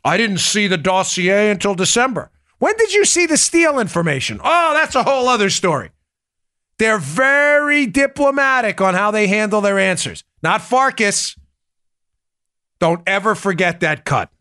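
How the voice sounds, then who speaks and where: A New York-accented man hosts a political podcast, delivering opinionated talk and reading his own ads in an emphatic, punchy style that repeats key points. His high-pitched voice is very animated, bright, and forceful at normal speed. The recording is dry and studio quality.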